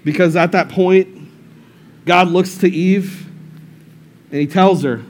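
A male pastor with a fairly high voice who gives a casual, storytelling sermon in a church. He preaches in an animated, joking way and often repeats his phrases. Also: takes it slowly, pauses often. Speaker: lead pastor. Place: church service room.

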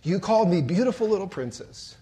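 A man voicing a frightened little girl who pleads with her father in quick, breaking bursts. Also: high voice, big pitch swings, mellow. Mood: pleading.

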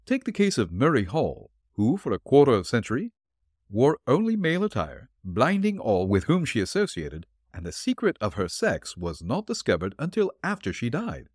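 A man reading the part of a calm, shrewd male detective who explains his clues dryly. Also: mid-range voice, no room sound, voice pushed up. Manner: dry, explanatory, deliberate.

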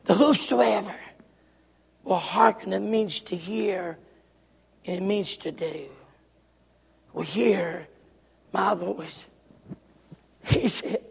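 A man preaching a sermon in a church, his delivery swinging from shouts to near-whispers. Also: sits high, slow, gravelly, pauses often, husky. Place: church sanctuary. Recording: long hall reverb.

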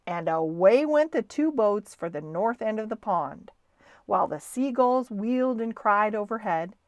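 A woman hosting a bedtime story show, reading a children's book aloud in a lively, expressive way. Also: mid-range voice, measured pace, dry recording. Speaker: storyteller, podcast host.

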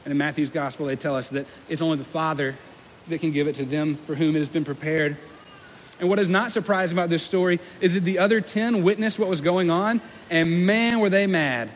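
A young male pastor with a high voice delivers a casual, self-deprecating sermon, now and then slipping into voices to act out quotes. His words ring with a long hall reverb, and a faint hum of room noise sits under them. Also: a little fast.

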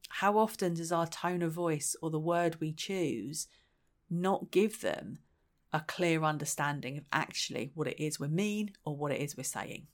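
A woman giving a chatty, reflective solo talk as a parenting practitioner, thinking aloud and acting out quoted lines. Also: lowish voice.

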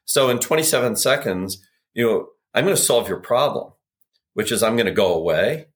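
A man with a mid-range voice at normal speed chats on a podcast in his role as a sales expert. Full of energy, he tells anecdotes and performs the lines of the people in them.

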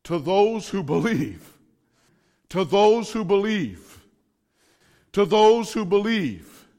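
A middle-aged male preacher with a high voice delivers a fervent sermon in repeated declarations. His voice rings out with a long reverb behind it. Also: big pitch swings, takes it slowly, a little mellow.

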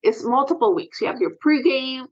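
A woman's voice: high voice, lively intonation, fairly quick, muffled recording. A woman guest talking earnestly and emotionally about her experience as a sports parent in a candid interview.

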